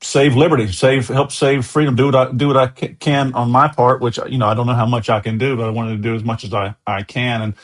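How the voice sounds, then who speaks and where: A man's voice: mid-range voice, little pitch movement, fast talker, hardly any pauses. American male guest, mid-range voice, chatty anecdotal storyteller. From USA. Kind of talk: casual interview storytelling.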